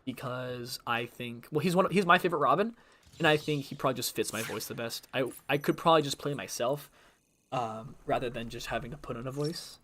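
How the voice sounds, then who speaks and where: A man's voice: medium pitch, brisk, pushed and bright, a little hiss or hum. A young man rambling casually while streaming a game, with lots of fillers. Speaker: gaming streamer. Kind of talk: casual chat while gaming.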